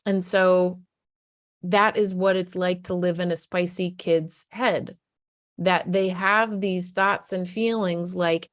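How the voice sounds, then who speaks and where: A middle-aged woman who works as a parenting coach talks to camera, explaining things earnestly and conversationally and often acting out the voices she quotes. Her voice is fairly low and slow, with fairly even intonation. The recording is studio quality with no echo.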